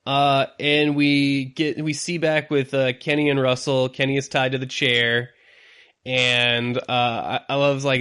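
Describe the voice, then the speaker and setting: A man co-hosting a podcast in casual chat, rambling and halting, often breaking into laughter. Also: mid-range voice, level tone, a bit bright, clear, resonant tone. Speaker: podcast co-host.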